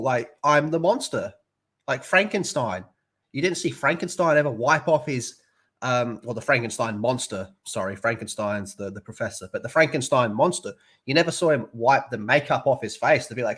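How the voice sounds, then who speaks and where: Animated Australian man ranting casually. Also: mid-range voice, normal speed, slightly rough. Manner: crude, swears often, animated, laughs a lot. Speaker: streamer reviewing a TV show. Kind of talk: casual live-stream chat.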